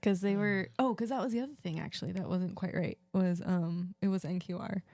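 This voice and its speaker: A woman's voice: lowish voice, a little fast, darkish tone. A young adult woman co-hosting a podcast, chatting casually with friends, laughing often and using lots of "like" fillers. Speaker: podcast co-host. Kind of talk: casual chat among friends.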